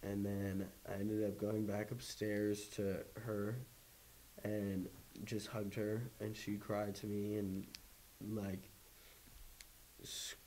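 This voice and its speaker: A man's voice: lowish voice, completely flat delivery, slow, dark tone, a little hiss or hum, poor audio. A young man telling a personal story casually, full of fillers. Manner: casual, filler-heavy, lots of "like". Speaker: guest.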